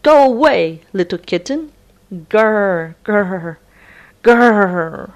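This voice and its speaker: A woman voicing a big, grumpy dog in a read-along storybook, growling and gruff. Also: mid-range voice, animated, normal speed, darkish tone, close to an everyday voice.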